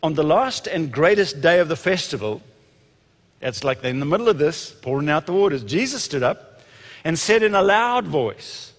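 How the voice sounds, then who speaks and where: A man delivering a lively sermon, his voice sitting a little high for a man. He stumbles and restarts, then surges into loud emphatic stretches. The sound carries a long reverb, as from a large hall. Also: fairly quick. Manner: animated, rising to shouts when quoting, frequent restarts. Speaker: preacher.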